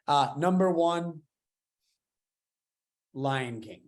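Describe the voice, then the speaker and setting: A young man in his twenties hosts a casual podcast chat, full of enthusiasm. His voice sits at an ordinary middle pitch. He rambles, tripping over restarts as he gets excited. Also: normal speed. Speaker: podcast host.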